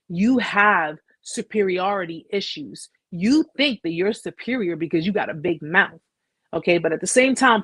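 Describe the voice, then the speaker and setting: Brief: woman host, husky and dry, emphatic storyteller who keeps repeating herself. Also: medium pitch, dry recording. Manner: emphatic, repeats phrases, asks "okay?". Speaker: host sharing a survivor story. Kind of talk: emotional personal storytelling.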